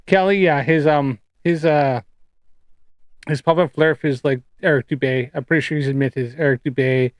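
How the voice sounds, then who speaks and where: A fairly high-pitched man from the Canadian prairies rants on his debunking livestream, swearing and rambling with exasperation. His voice is close and dry, with no room sound. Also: steady tone, moderate pace, no room sound. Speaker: streamer debunking flat earth claims. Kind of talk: casual livestream rant and chat.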